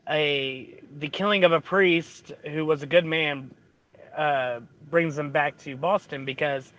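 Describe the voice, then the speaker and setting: A man's voice: fairly high pitch, a bit bright. A man telling a movie plot in casual chat, rambling through fillers and restarts.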